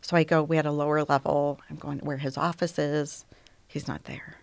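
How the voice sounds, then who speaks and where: A middle-aged woman telling her personal story as an interview guest, softly, often dropping to a near whisper. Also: deep voice, little pitch movement, moderate pace, gravelly, no echo.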